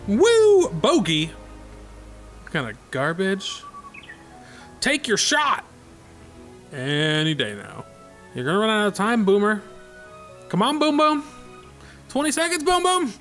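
Excitable, high-pitched man playing a game. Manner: excitable, sarcastic, jumps between high yelps and low mutters. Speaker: gaming YouTuber. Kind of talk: gameplay commentary.

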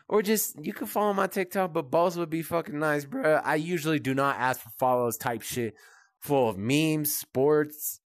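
Profane young man yelling at a football game. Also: a little high, no echo. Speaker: gaming streamer. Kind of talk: gaming commentary. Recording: loud game crowd and noise. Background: loud video game stadium crowd.

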